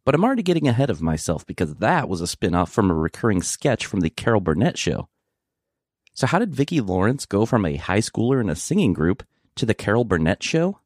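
A man giving scripted documentary narration in an informative, expressive manner. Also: fairly low pitch, brisk, no room sound, studio quality.

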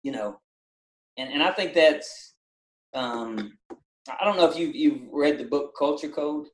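A middle-aged man with a Southern country accent, a basketball coach and former drill instructor, talking in a casual podcast interview with many halting restarts. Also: on the high side, echoey room, slight background noise, rough recording. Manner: halting, repeats words, many fillers.

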